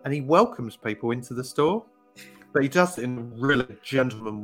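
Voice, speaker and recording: Brief: man, casual podcast co-host, lively storyteller, middle-pitched voice, faint music behind. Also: brisk. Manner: storytelling, acts out quoted voices. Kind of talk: casual chat.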